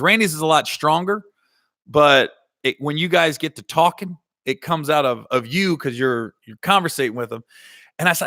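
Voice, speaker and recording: A man's voice: a little high, lively intonation, moderate pace, sharp tone, no echo, clean studio sound. A man hosting a comedy podcast in casual storytelling style, rambling and correcting himself, with a slight Ohio Valley twang.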